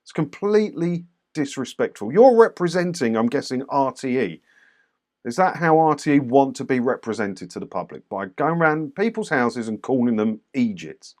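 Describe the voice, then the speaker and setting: A man's voice: mid-range voice, very animated, normal speed, darkish tone. A man casually commenting on doorstep clips for his channel, blunt and mocking. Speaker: YouTube commentator reviewing clips.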